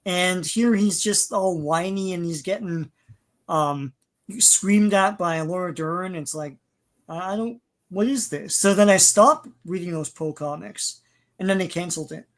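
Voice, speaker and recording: A man's voice: high-pitched, a little slow. A man hosting a casual podcast chat, talking in a critical, rambling way with frequent restarts. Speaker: podcast host.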